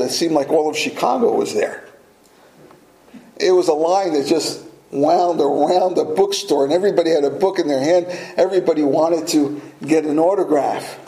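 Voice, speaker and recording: A man's voice: a little high, mellow. A man preaching a sermon, telling a personal story with small laughs and restarts before coming back to the scripture. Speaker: pastor. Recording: echoey room.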